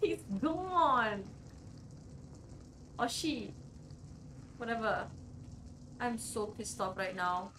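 A woman giving chatty, excitable let's-play commentary, swearing now and then and talking to the characters on screen. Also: medium pitch, slow, long pauses, distant mic, noisy background. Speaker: gaming video creator.

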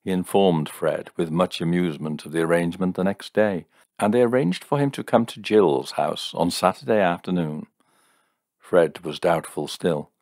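Male narrator, very deep voice, dry close recording, steady storytelling. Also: moderate pace, no room sound. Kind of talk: audiobook narration of a short story.

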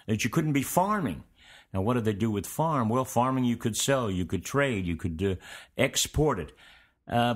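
A man acting as host and history teacher, giving an informal, meandering lecture to his students in a relaxed, conversational way. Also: mid-range voice.

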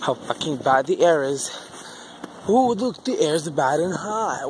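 Filming himself on a handheld phone, this man chats in a casual vlog, rambling with frustration and cursing nonstop. His pitch is fairly high and his intonation lively, though his pace stays measured. The low-quality recording picks up wind noise outdoors before he heads home.

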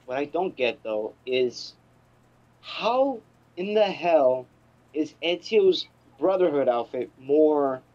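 A co-host on a casual gaming podcast, talking with animated exclamations. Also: medium pitch, slow, highs cut off.

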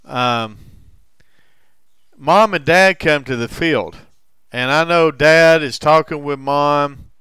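A man in recovery telling a personal story in a halting way, with frequent restarts and heavy swearing. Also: on the high side, fairly bright tone, smooth, no room sound. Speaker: recovering alcoholic sharing his story.

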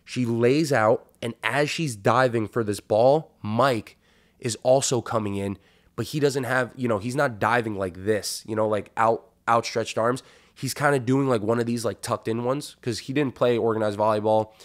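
A man hosting a podcast, telling a long story in a casual, profane, animated way and acting out what people said. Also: mid-range voice, normal speed. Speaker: podcast host.

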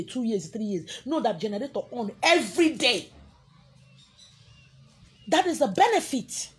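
A Nigerian-accented woman preaching with a strongly husky, breathy voice pitched a little high. She lectures her listeners sharply, scolding and confronting them as a spiritual teacher. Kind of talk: preaching to an audience.

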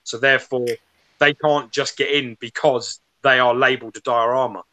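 A man's voice: medium pitch, fairly even intonation, moderate pace, pushed and bright, no echo. A man co-hosting a casual chat about collectibles, enthusiastic and fond of tag questions.

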